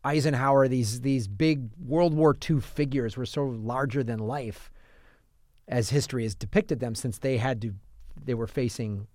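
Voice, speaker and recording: A man's voice: medium pitch, moderate pace, a little mellow, no room sound, studio quality. A man co-hosting a podcast, chatting casually about films and telling rambling stories with many restarts. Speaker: podcast co-host. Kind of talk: casual film chat.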